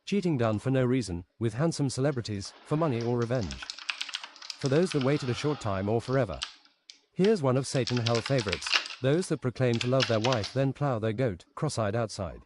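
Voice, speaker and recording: A man's voice: mid-range voice, lively intonation, moderate pace, background noise, lightly acted. A man voicing a stony guide of hell, reading the lines aloud plainly with clicking behind him. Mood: matter-of-fact.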